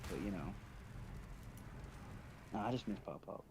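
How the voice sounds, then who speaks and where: A man's voice: deep voice, lively intonation, a little slow, noisy background. A man telling family stories in casual chat, rambling and swearing, laughing between lines. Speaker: stream party guest.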